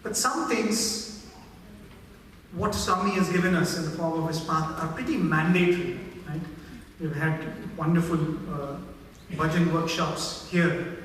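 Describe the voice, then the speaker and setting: A man giving a devotional talk, telling stories in an animated, reverent way, recorded in a large hall from far off. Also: on the high side, unhurried, slight background noise. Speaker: spiritual speaker. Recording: echoey hall heard from far off.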